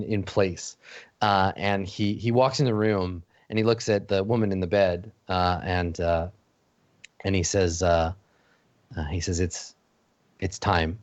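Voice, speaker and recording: A man narrating a tabletop game as game master, halting, with many fillers and restarts. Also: deep voice, no echo. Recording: dull lo-fi dry audio.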